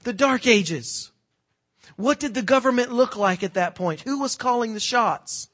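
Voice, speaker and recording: A man preaching a sermon, quizzing the congregation with fill-in-the-blank questions and swinging between hushed and loud, emphatic delivery. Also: very high voice, expressive, a little slow.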